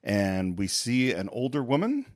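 Man, podcast host, animated pitch, dry close mic, chatty recap. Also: unhurried, dry recording. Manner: lively, storytelling recap. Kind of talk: casual podcast chat.

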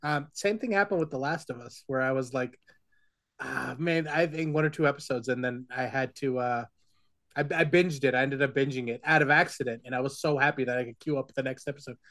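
A man's voice: medium pitch, brisk, a bit bright. A man co-hosting a podcast in casual chat, rambling through his opinions with many restarts and wry complaints. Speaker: podcast co-host.

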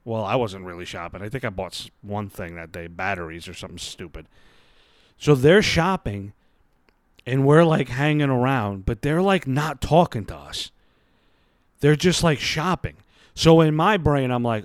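A man's voice: mid-range voice, expressive, moderate pace, no room sound, studio quality. A man in his thirties hosting a podcast, telling a story in a casual, rambling, self-mocking way full of swearing. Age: 30s. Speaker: podcast host. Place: lying on his bed at home.

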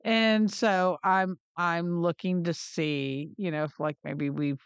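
A woman's voice: fairly low pitch, fairly even intonation, slow pace, smooth, no echo, muffled recording. A middle-aged woman co-hosting a podcast in casual chat, blunt and swearing freely as she tells family stories. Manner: blunt, swears freely, acts out her son's voice in storytelling. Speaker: podcast co-host.

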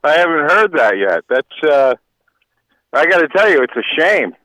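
A man's voice: fairly high pitch, sing-song, normal speed, sharp tone, no room sound, low-quality recording. A man calling in to a radio show by phone, friendly and repeating himself. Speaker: caller. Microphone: telephone.

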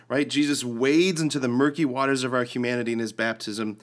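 A man's voice: fairly quick, hardly any pauses. Chatty man who talks with his hands. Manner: animated, acts out quoted lines with rising pitch; lots of "like" and restarts. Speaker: podcast co-host. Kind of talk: casual faith discussion.

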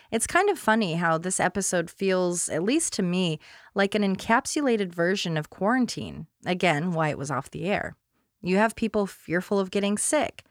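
A woman's voice: mid-range voice, no room sound. Woman host, wry commentary, dry close-miked sound. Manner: wry, conversational, laughs often. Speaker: podcast host. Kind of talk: scripted commentary, then casual chat.

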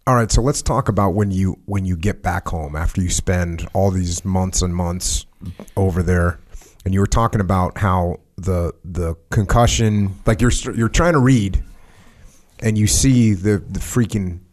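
A man with a fairly low voice hosts the conversation. He asks his questions in an easy, casual way. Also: unhurried, darkish tone. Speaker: podcast host. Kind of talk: casual interview.

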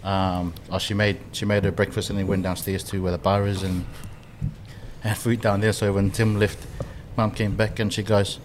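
A man's voice: lowish voice, level tone, normal speed, slight background noise. A man, co-hosting a podcast and telling a story in a loose, rambling way with plenty of fillers. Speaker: podcast co-host. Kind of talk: casual storytelling chat.

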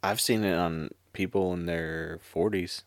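A man with a fairly low voice co-hosts a casual podcast, relaxed and sarcastic, with swearing dropped into easygoing explanations. His voice is recorded dry and close, with no room sound. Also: a little slow, dry recording. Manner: laid-back, sarcastic, swears freely. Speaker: podcast co-host, healthcare worker.

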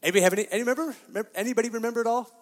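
A man's voice: extremely high pitch, rapid-fire, in a large hall. A middle-aged man preaching a sermon as pastor, emphatic and often asking his congregation questions.

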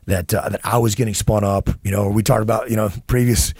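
Husky-voiced man, earnest and stammering. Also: lowish voice, flat delivery, brisk, a little mellow, no echo, clean studio sound. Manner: earnest, many restarts and repeated words. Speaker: podcast co-host. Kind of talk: casual conversation.

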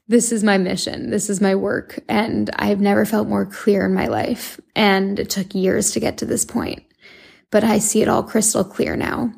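A young woman talks to her audience in a loose, earnest monologue. She leans on fillers and restarts as she goes. Her voice carries a gravelly fry and stays in a narrow, even pitch band. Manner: chatty, earnest, filler-heavy with frequent likes and restarts. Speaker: podcast host and meditation app founder. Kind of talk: casual monologue.

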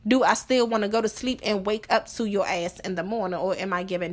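A woman's voice: medium pitch, lively intonation, brisk, few pauses, a bit bright, a little hiss or hum. Blunt, profane woman podcaster. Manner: blunt, profane, rhetorical questions. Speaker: podcast host. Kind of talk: casual monologue on relationships.

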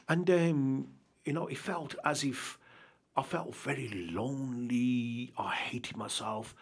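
Slow and steady, his mid-range voice is gravelly and slightly rough as he shares a candid personal account in an interview. He runs a charity and speaks earnestly, rambling and regularly asking "do you understand?"

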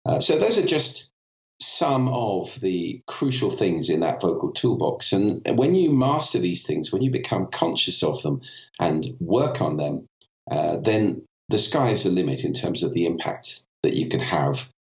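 Very deep-voiced man with a cold. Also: very animated, a little slow, gravelly, reverberant, dull audio. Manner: articulate, demonstrates vocal effects as he explains. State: has a cold. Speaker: podcast guest, voice and communication expert. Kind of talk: explanatory interview talk.

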